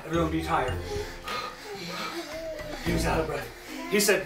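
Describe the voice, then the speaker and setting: A woman telling a Bible story to preschoolers, animated and coaxing the children to act it out with her. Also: sits low, unhurried, creaky. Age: adult. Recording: echoey hall, distant mic, loud music.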